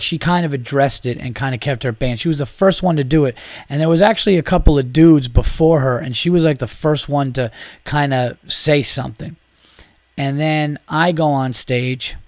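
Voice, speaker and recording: A man's voice: medium pitch, steady tone, moderate pace, dry recording. A man, a comedian and podcast host, telling a story casually with profanity and plenty of "like" and false starts. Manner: profane, rambling, lots of "like" and restarts.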